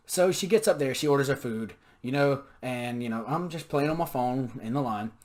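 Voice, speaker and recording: A man's voice: mid-range voice, moderate pace, a little mellow. A young man telling stories in a casual monologue, profane, sarcastic and ranting. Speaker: podcast storyteller.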